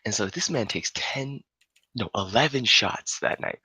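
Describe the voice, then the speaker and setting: Gravelly young man rambling through a story. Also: fairly low pitch, animated, unhurried, sharp tone, a little hiss or hum. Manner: rambling, cursing, laughing often. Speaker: podcast host telling a story. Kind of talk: casual comic storytelling.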